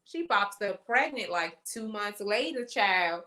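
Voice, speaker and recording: A woman co-host in casual chat, telling a story with lively quoted voices. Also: medium pitch, measured pace.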